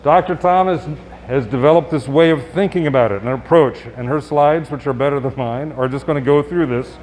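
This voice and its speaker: A male doctor giving a live presentation to an audience, speaking conversationally with quick asides and rhetorical questions. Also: mid-range voice, a little mellow. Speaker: physician giving a health talk. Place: public event space.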